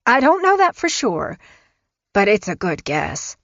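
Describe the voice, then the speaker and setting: A woman's voice: medium pitch, wildly swooping pitch, measured pace, a bit bright, no echo, exaggerated voice. A woman voicing a persistent, suspicious grandmother who presses with blunt questions, in an audiobook. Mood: recalling. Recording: dull, dry studio recording.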